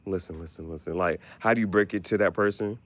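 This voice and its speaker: A man hosting a casual podcast chat, animated and profane, often jumping into squeaky exclamations. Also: quick pace, no echo. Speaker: podcast host.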